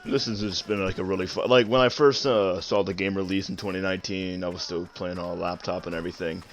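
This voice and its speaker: A nineteen-year-old man hosting a live stream, talking easily with halting fillers. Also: low voice, steady tone, slight background noise. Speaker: streamer host. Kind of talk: casual live-stream chat.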